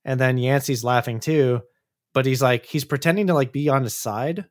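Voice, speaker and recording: A man's voice: medium pitch, normal speed. A man co-hosting a casual chat about a movie, slangy, often acting out characters' lines. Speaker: podcast co-host.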